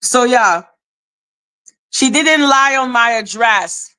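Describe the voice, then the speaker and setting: A woman's voice: a little high, expressive, slow, pauses often, bright, forceful tone. Blunt woman ranting on a livestream. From Canada. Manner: blunt, profane ranting, greeting chat viewers. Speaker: live-stream host. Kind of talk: live-stream commentary.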